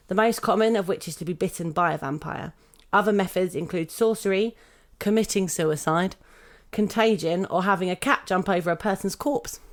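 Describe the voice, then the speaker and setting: A young British woman hosting a podcast, reading a prepared script in a steady, measured way. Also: fairly low pitch. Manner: steady, measured reading, laughing now and then. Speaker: podcast host.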